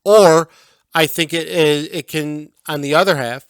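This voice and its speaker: A man in his forties co-hosting a casual podcast chat, conversational and quick to chime in with agreement. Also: fairly high pitch, smooth, dry recording. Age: 40s. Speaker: podcast co-host.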